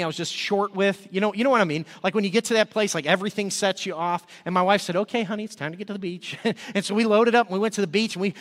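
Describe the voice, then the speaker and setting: A middle-aged man, a pastor, telling a story in a sermon in a casual, lively way and acting out scenes. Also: high-pitched. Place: church sanctuary. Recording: long hall reverb.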